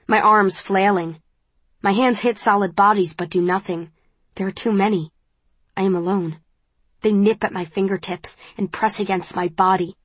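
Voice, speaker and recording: A woman's voice: mid-range voice, dry recording. A woman narrating a first-person story aloud in a tense, vivid storytelling manner. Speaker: audiobook narrator.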